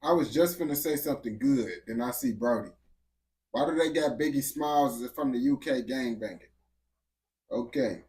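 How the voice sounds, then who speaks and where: A man's voice: mid-range voice, moderate pace, darkish tone. A man giving casual, slangy reaction commentary, dropping "bro" and "gang" constantly and restarting his sentences. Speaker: reaction video host.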